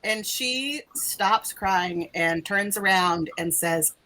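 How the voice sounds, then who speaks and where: Woman game master, casual and jokey, middle pitch. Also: slow pace, hardly any pauses, bright, forceful tone. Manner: casual, laughing and swearing freely. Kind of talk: narrating a tabletop game.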